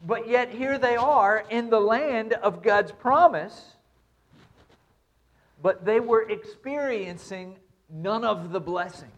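A pastor preaching a sermon, reading scripture and repeating points with emphasis. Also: male voice, high voice, slow pace.

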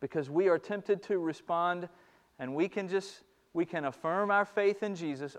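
A man delivers a sermon with a slightly high voice. He swings between quiet, searching passages and loud, fervent ones. He repeats phrases to drive the point home. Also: moderate pace. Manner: impassioned, swings from hushed to loud. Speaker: pastor.

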